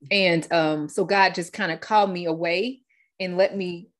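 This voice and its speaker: A woman's voice: lowish voice, fairly even intonation, moderate pace. A woman hosting a faith-based podcast, telling her story with heartfelt repetition and fillers. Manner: heartfelt testimony, repeats words, fillers. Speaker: podcast host.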